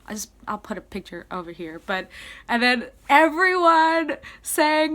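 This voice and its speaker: A woman's voice: on the high side, normal speed. Young woman rambling about a concert. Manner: excited, rambling storytelling full of "like". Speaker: concert-going fan. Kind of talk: casual spoken concert recap.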